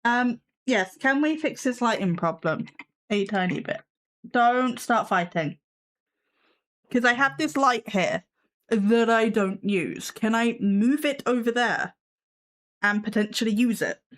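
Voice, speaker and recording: A live stream host chats from her desk at home, her voice sitting a little high for a woman. She talks loosely to her viewers and her cat, breaking into dry, self-mocking sarcasm. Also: animated, slow pace. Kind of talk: casual live stream chat.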